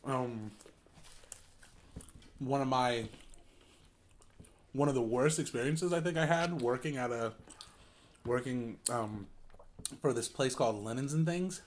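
A man's voice: medium pitch, slow pace, long pauses. A young adult man, a co-host, telling a casual story at home while eating on camera, rambling with lots of ums and restarts. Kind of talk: casual storytelling during a mukbang.

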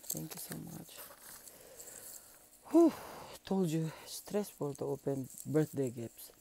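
A woman's voice: low voice, animated, takes it slowly, vocal fry, pauses often, mellow, slight background noise. A woman vlogger chatting casually while unboxing gifts, gushing and emotional, laughing often. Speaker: channel founder.

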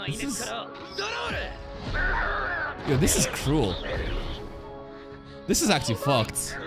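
A man hosting a live anime reaction, heated and profane, yelling at the screen. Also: fairly high pitch, wildly swooping pitch, slow pace, pauses often. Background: anime episode audio with music.

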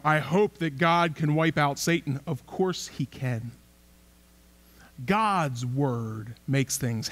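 High-voiced male pastor preaching. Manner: conversational preaching with rhetorical questions and repeated phrases. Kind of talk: sermon. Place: church sanctuary.

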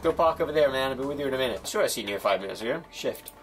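A man's voice: medium pitch, expressive, rapid-fire, slight background noise. A young man commentating a game with jokes, chatting to customers in a mock shopkeeper voice. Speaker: gaming YouTuber. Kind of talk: comedic gameplay commentary.

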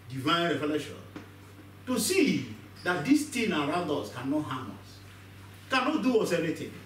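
A man's voice: fairly high pitch, slight background noise. A man pastor preaching a sermon, acting out voices and asking the congregation questions. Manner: animated, acts out voices, asks the congregation questions. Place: church hall. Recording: echoey church hall, mic far off.

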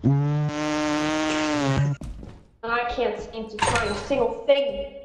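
A woman's voice: sits low, lively intonation, extremely slow, roomy sound, very noisy. A woman in casual gaming chat, teasing her friends playfully. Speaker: gamer.

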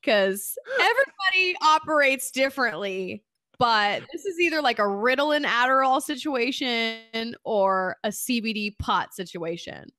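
Woman, comedian guest, animated playful delivery, brash, dry mic. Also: a little high, a little slow, no echo. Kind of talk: casual comedy chat.

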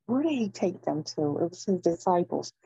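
A woman's voice: on the low side, lively intonation, normal speed, creaky, dark tone, husky, no room sound, dull audio. A woman in a casual group Bible study, talking hesitantly while she searches for a passage.

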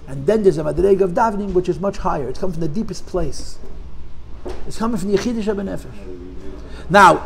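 A man with a notably high voice gives a conversational Torah class. He leans hard on key points, throws out rhetorical questions, and circles back over his own words as he rephrases. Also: vocal fry, slight background noise.

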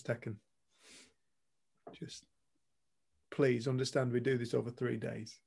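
A man's voice: mid-range voice, little pitch movement, slow, gravelly, a little mellow, slightly rough. A man co-hosting a retreat, telling a story to a group in a blunt, earnest way and swearing casually. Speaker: retreat co-host. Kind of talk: candid storytelling talk to a group.

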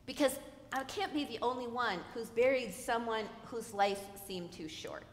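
A woman with a fairly high voice preaches a sermon as a guest speaker. She swings from soft, hushed lines to loud, emphatic ones and keeps asking the congregation questions. Her voice rings through a roomy church with a long reverb tail. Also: normal speed, a little hiss or hum. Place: church sanctuary.

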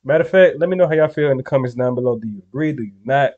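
A young man giving casual reaction commentary, tossing slang at his viewers in a loose, laid-back way. His voice is mellow and somewhat dark, and the recording sounds a little dull and lo-fi. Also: mid-range voice, very fast. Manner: laid-back slangy talk to viewers, frequent "you feel me". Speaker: reaction video host.

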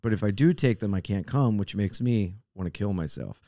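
A man's voice: fairly low pitch, lively intonation, brisk, warm tone, no room sound, studio quality. A man co-hosting a comedy podcast in casual chat, rowdy and crude, often breaking into laughter. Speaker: podcast co-host.

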